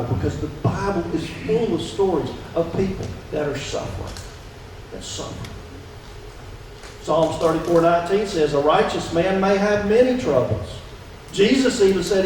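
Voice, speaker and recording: High-voiced pastor preaching in an echoey church. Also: male voice, normal speed, a little mellow, a little hiss or hum. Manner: conversational, asks the congregation questions. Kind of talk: sermon. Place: church sanctuary. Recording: echoey church hall from a distance.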